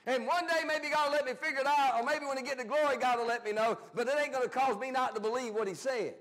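A pastor preaching a Bible study sermon in a folksy, plain-spoken way, swinging between loud emphatic bursts and quiet asides. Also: male voice, very high voice, fairly even intonation, quick pace.

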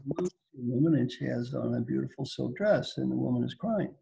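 An older man from Kentucky giving a folksy, playful talk as guest speaker on a video call, with a raspy voice. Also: mid-range voice, moderate pace, dull audio, background noise. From Kentucky, United States. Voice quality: gravelly, raspy. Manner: playful, teasing, repeats phrases for effect. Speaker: guest speaker, executive coach.

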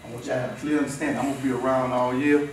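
A man in his fifties giving an emphatic, repetitive motivational talk to a school team in a locker room, swinging between shouting and low, intense stretches. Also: flat delivery, very fast. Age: 50s. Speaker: motivational speaker. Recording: very echoey room, voice far off, faint noise.

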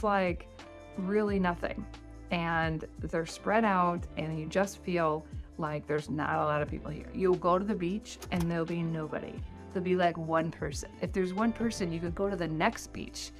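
A middle-aged American woman talks straight to camera in a loose, chatty vlog style, stringing thoughts together with lots of "like". Her voice sits a little low for a woman. Soft music plays faintly underneath. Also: normal speed. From United States. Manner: chatty, rambling, heavy use of "like". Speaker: vlogger giving tips on life in New Zealand. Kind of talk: casual talking-head vlog.

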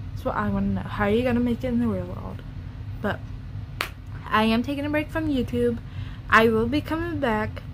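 A woman's voice: fairly high pitch, background noise. Blunt, cursing woman on a vlog rant. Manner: blunt, profane, ranting. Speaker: YouTuber.

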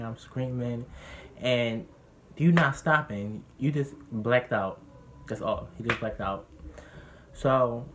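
With a mid-range voice and a little background noise, a young man vlogs a candid personal story. He tells it in a lively, animated way and gets heated whenever he quotes other people.

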